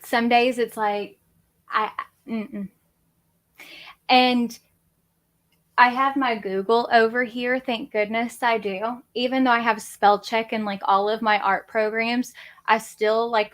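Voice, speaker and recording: A woman, hosting a casual livestream chat from her home office in a rambling, chatty, self-deprecating way. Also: a little high. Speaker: crafting channel host.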